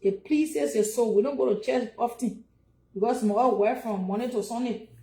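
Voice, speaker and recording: A woman's voice: on the high side, normal speed, mellow. A woman with a Liberian English accent hosting a casual livestream, chatty and preachy as she urges viewers to give donations. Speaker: livestream host.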